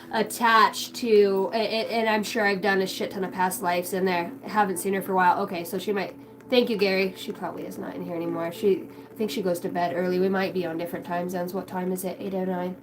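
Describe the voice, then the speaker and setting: Against a noisy background, a middle-aged woman with a medium-pitched voice hosts a tarot stream. She's casual and scattered, swearing freely and reading out chat comments one after another.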